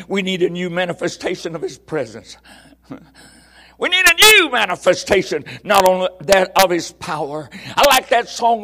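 An older man preaching a fiery revival sermon, repeating words and rising into shouted bursts. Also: sits high, animated, moderate pace. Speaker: guest preacher.

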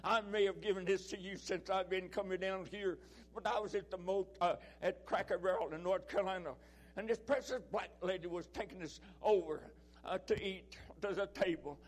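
A man preaching a sermon, emphatic, repeating his phrases and swinging between loud and soft. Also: high voice, normal speed.

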